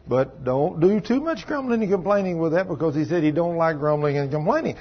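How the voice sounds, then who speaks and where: A man preaches a casual sermon, rambling and folksy as he talks straight to his listeners. His voice sits a little high and sounds husky. The recording is dull and lo-fi. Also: lively intonation, a little fast. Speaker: pastor. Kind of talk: informal sermon.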